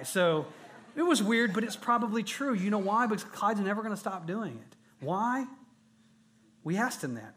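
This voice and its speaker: A male pastor delivers a sermon with an unusually high-pitched voice. He speaks with earnest emphasis, piling up repeated phrases to drive his points home to a room of men. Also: fairly quick, a bit bright. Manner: earnest, emphatic preaching with rising intensity and repetition. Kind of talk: sermon to a men's gathering.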